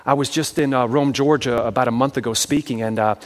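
A traveling evangelist delivers a sermon-style talk at a quick pace, telling stories with frequent asides and often checking whether the crowd is following. His voice is medium-pitched with fairly even intonation.

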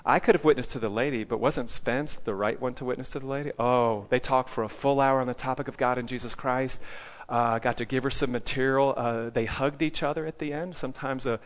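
Man, evangelism teacher, preaching to a group, mid-pitched voice, quizzes listeners, keeps saying "okay?". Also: steady tone, fairly quick. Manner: tags nearly every point with "okay?" and quizzes listeners.

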